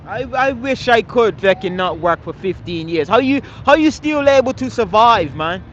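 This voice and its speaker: High-voiced man scolding a stream chat. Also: animated, normal speed, a bit bright, muffled recording, a little hiss or hum. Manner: confrontational, scolding, swears often; repeats phrases, tags lines with "man". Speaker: livestreamer answering chat. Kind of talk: live stream chat rant.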